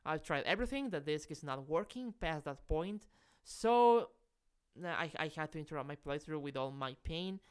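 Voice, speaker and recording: Halting gaming podcast co-host, smooth voice. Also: male voice, fairly high pitch. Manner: halting, repeats words, relaxed. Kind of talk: casual gaming chat.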